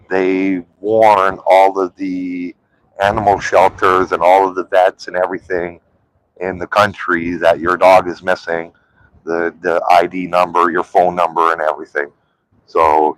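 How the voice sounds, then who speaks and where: A man's voice: low-pitched, dry recording, poor audio. A man chatting loosely on a live stream, full of "like" and "um", rambling from one thought to the next. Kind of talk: casual live-stream chat.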